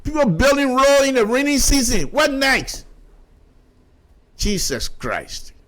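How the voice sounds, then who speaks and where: Man, Liberian English accent, radio commentator, high voice, fired-up, stammering repeats. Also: animated, normal speed, a bit bright. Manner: impassioned, repetitive, stammering restarts.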